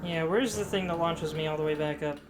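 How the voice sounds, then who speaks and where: A woman's voice: deep voice, fairly quick, noisy background. A woman casually commenting on her own playthrough of a game, talking to herself with playful asides. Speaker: gaming commentator. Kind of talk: casual let's-play commentary. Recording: game music behind voice. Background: game music.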